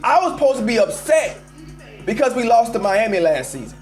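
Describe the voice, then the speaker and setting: Male call-in host, very high voice, emphatic and animated, faint music under him. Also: brisk. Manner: animated, emphatic, addresses listeners as y'all. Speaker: host of a live call-in show. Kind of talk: casual sports rant.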